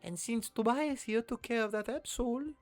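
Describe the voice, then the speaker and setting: A man doing a high eager young trainer girl. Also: normal speed, soft background music. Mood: curious.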